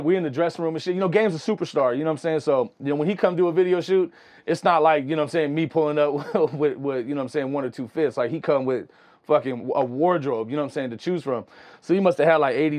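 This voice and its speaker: A young man, a music producer, telling stories in a casual, slangy, animated way. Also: fairly high pitch. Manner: animated, slangy, full of "you know what I'm saying". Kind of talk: casual storytelling.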